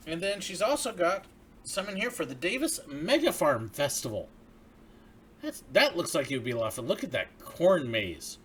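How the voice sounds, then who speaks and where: A man chats through a livestream, opening letters from viewers and reading them aloud. His voice is bright and sits a bit high, swinging lively up and down as he talks. He sounds grateful and easygoing. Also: a little hiss or hum. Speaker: livestream host. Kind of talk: casual livestream chat, reading viewer mail.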